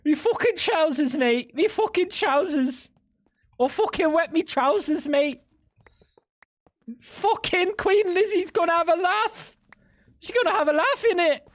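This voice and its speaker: A man's voice: very high voice, animated, a little slow, pitched above the performer's own voice. A man doing a rowdy mock British bloke. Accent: exaggerated put-on British. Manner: loud, mocking, exaggerated.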